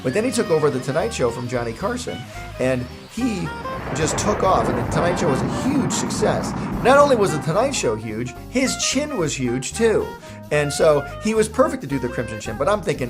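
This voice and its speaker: A man's voice: on the high side, very animated, normal speed, music in the background. A man, a cartoon creator, telling a jokey, self-mocking story in a casual vlog.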